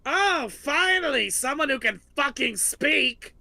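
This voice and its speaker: A man's voice: very high-pitched, animated, slow pace, vocal fry, no echo, pitched above the performer's own voice, exaggerated voice. A man voicing a furious, foul-mouthed male swamp chimera monster in a tabletop game. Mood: exasperated. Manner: shouting, foul-mouthed, hostile.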